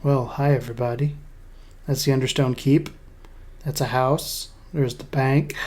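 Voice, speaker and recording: Let's play host, loose chatty commentary, mid-pitched voice. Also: steady tone, unhurried, darkish tone. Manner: chatty, talks to self and the game. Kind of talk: casual gameplay commentary.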